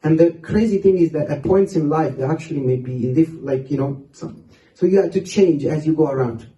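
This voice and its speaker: A man's voice: on the high side, brisk, dark tone, dull audio. A man telling humorous stories at a youth seminar, often laughing as he speaks. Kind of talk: humorous storytelling talk. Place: large hall. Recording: roomy hall, distant mic.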